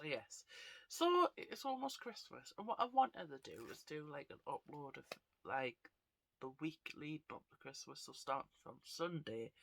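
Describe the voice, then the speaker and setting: Vlogger with a cold, bright tense tone, dry close sound, rambling and self-deprecating. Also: medium pitch, creaky, no room sound. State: stuffy nose from a cold. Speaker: vlogger and actor. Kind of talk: casual chat to camera.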